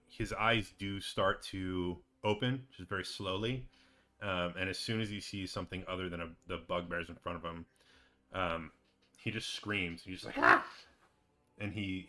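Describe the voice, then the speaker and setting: A man's voice: low-pitched, steady tone, moderate pace, pushed and bright. A man running a tabletop game as game master, narrating with many hesitations and fillers.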